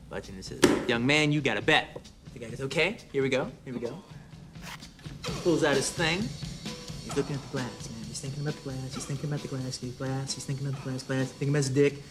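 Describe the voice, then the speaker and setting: A man's voice: medium pitch, fast talker, close to an everyday voice. A man playing a crude barroom joke-teller. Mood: boisterous. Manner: animated storyteller, swearing and laughing at his own joke. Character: man in a bar telling a long crude joke. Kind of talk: film dialogue. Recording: film audio clip with music behind. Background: music.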